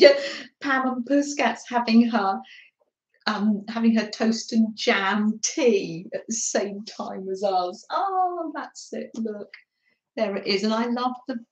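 Slow, chatty woman in an echoey room. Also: mid-range voice, highs cut off. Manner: chatty, giggly, greeting viewers by name. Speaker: craft livestream host. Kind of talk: casual chat reading live comments.

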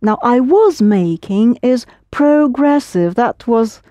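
A woman's voice: fairly high pitch, expressive, slow, mellow, no echo, studio quality. Patient woman teaching a language lesson. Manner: patient, explains step by step, prompts and corrects.

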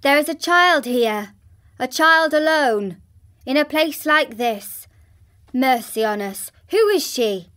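A woman's voice: sits high, expressive, a little slow, few pauses, a bit bright, pitched above the performer's own voice. A woman reading the lines of a large, tired army officer who is startled and dismayed, in a synthetic storybook reading. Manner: startled, exclaiming.

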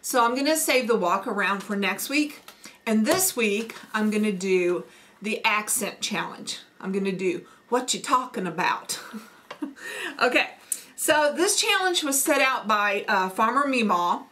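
A woman's voice: a little high, pushed and bright. A woman with a Missouri Midwestern accent, hosting a homesteading vlog in a chatty, folksy manner. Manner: chatty, folksy, with fillers and laughs. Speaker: homesteading channel host. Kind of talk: casual accent-challenge vlog.

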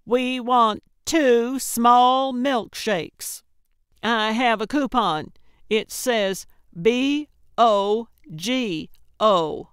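A woman's voice: medium pitch, slow pace, clean tone, no echo, studio quality. A woman narrator voicing a stubborn, cranky elderly woman with a walker, bossy and wheedling, who hollers when annoyed. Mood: hollering.

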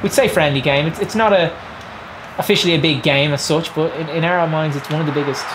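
A man's voice: a little high, fast, background noise. A young man gaming with friends, talking like a mock football pundit with stammering restarts. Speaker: gamer. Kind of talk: mock commentary on a football video game.

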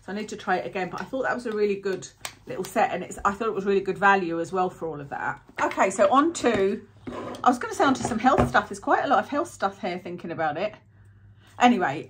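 A woman's voice: medium pitch, a bit bright. A woman chatting through a product review in a rambling, self-interrupting way. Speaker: beauty vlogger.

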